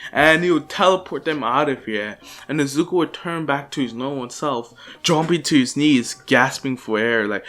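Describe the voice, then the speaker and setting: A man's voice: medium pitch, normal speed, a bit bright, faint music behind. A young man casually improvising a fan story, rambling with fillers and restarts. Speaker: channel host.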